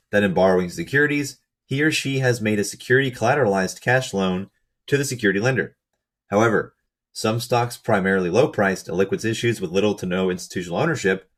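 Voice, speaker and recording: A man with a hoarse, fading voice walks methodically through slides of a research paper, reading out lists and figures with brief asides. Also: fairly low pitch. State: hoarse, losing his voice. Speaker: channel host explaining research.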